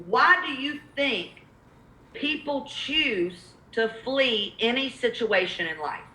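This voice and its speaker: Southern woman, real estate coach, bright tense voice, a bit high, echoey room, emphatic. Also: lively intonation, takes it slowly. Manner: emphatic, repeats key points. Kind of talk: live coaching webinar.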